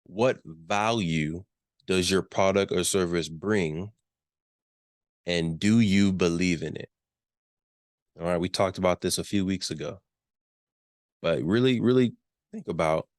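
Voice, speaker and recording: A low-voiced man presents a business workshop, recorded in clean studio sound with no echo. He speaks emphatically, repeating key questions and checking in with his listeners.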